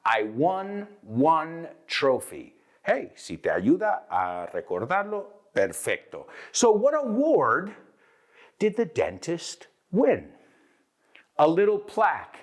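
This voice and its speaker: Here the English teacher speaks slowly in a fairly high voice with huge swings in pitch. He switches between English and Spanish, acting out examples with lots of energy as he hosts the lesson.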